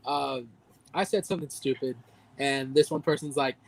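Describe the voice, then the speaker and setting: A man's voice: medium pitch, moderate pace, no room sound, poor audio. A man co-hosting a podcast, chatting casually and telling funny stories. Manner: animated storyteller, mimics voices in quotes. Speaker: podcast co-host. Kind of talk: casual chat.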